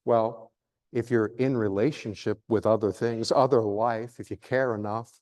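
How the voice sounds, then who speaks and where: A man's voice: fairly low pitch, fairly even intonation, normal speed, a little mellow. A middle-aged man giving a live lecture on nature as a naturalist, playful and theatrical, joking with his audience.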